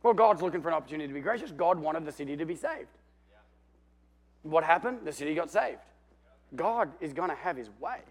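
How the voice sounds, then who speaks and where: A man preaching a lively sermon in a fairly high voice. He tells the story with animation, swings between booming and hushed, and calls on the room for amens. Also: fairly quick. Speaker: pastor.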